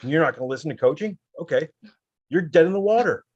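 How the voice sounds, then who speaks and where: A man's voice: fairly high pitch, lively intonation, quick pace, darkish tone, breathy edge, dry recording, muffled recording. A man who used to cover sports, chatting casually and rambling with lots of fillers. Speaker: podcast guest, former sports reporter.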